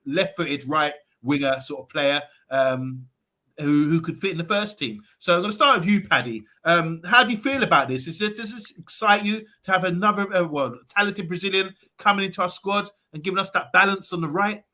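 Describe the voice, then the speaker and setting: Man, podcast host, bright tense voice, higher pitch, hesitant, lots of ums. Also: brisk. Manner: hesitant, many fillers. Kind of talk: casual football podcast chat.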